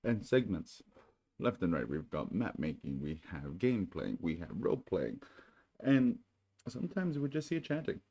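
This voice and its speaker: A man hosting his channel in casual chat, then reading a storybook aloud in a soothing, unhurried way. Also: low voice, very animated, warm tone, husky. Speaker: channel host.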